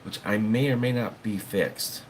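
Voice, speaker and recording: Low-pitched dude rambling on his livestream, folksy, swears some. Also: a little slow, a little hiss or hum. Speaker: livestream host. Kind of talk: casual livestream chat.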